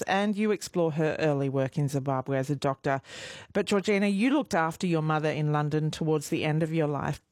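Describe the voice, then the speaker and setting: A woman's voice: low-pitched, no echo. A woman hosting an interview, bubbly and laughing as she introduces her guests. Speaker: host.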